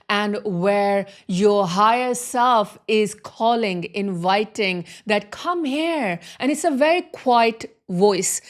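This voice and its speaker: A woman giving a motivational spiritual talk as a wealth and healing coach, speaking earnestly and repeating her phrases for emphasis. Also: mid-range voice.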